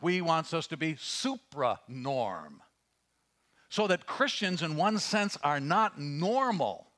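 A man's voice: a little high, very animated, slow. Man preaching an earnest sermon. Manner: earnest preaching, swings from hushed storytelling to raised emphasis; reads scripture aloud, with fillers and restarts. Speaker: pastor.

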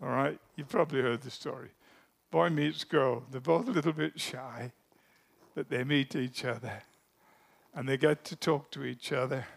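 A man preaching a sermon in a deliberate, emphatic way, letting his phrases trail off softly at the ends. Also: medium pitch, fairly even intonation, vocal fry.

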